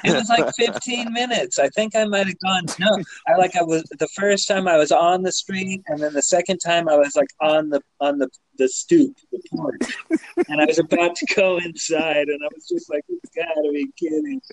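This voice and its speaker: A somewhat high-voiced man, a little drunk, rambles through a story on a podcast. He fills the gaps with ums, swears freely and keeps laughing at his own tale. The sound is close and dry. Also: moderate pace, no room sound, poor audio. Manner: rambling, many fillers, laughing, swearing, animated when retelling. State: tipsy. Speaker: podcast co-host telling a story. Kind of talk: casual storytelling chat.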